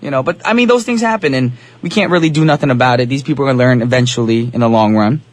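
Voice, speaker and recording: A man's voice: mid-range voice, racing. A man from New Jersey hosting a casual radio show in an upbeat, slangy, talkative way, speaking into a studio microphone.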